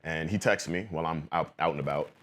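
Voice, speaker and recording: Deep-voiced man telling a story. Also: fast talker. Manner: animated, quotes friends in acted-out bits. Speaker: vlogger. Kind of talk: storytelling monologue.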